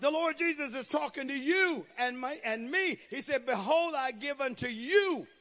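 A male pastor preaching a sermon, calling out to the congregation and building to shouted passages. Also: extremely high pitch, expressive, normal speed. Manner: call-and-response preaching, rising to shouts.

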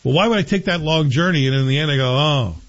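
A man's voice: on the high side, very fast, muffled recording. A man in casual chat, rambling and opinionated as he reviews a TV series as host.

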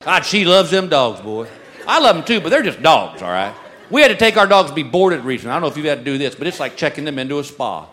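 A man's voice: a little high, very animated, quick pace, a bit bright. A married man performing stand-up, telling stories in a dry way and swooping into character voices. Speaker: stand-up comedian. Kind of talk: stand-up comedy set. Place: comedy club stage with live audience. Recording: live audience recording with crowd noise.

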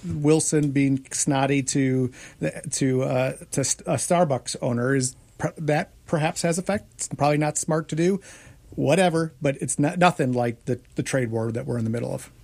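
A man's voice: medium pitch, vocal fry, a little mellow. A man on a political discussion panel who rambles through fillers before reaching his point. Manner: rambling, many fillers, slow to land.

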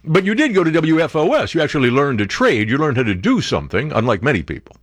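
A man's voice: fairly high pitch, big pitch swings, quick pace, husky, no room sound. A man hosting a talk radio show, ranting sarcastically and mocking others with impressions.

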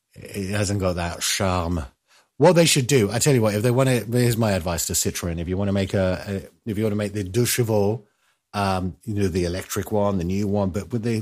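A man with a fairly low voice hosts a casual news commentary. He rambles from point to point, drops jokey asides and often lets his words sink into a murmur. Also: a little mellow.

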